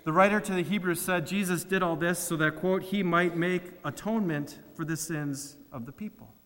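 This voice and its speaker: A man's voice: high-pitched, normal speed, a bit bright, in a large hall. A man preaching a sermon, asking rhetorical questions and acting out quoted complaints. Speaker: pastor.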